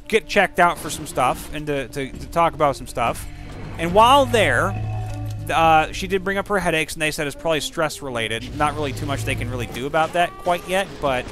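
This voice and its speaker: A man giving rambling, profane let's play commentary, yelping loudly whenever the game startles him. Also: high-pitched. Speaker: gaming channel host.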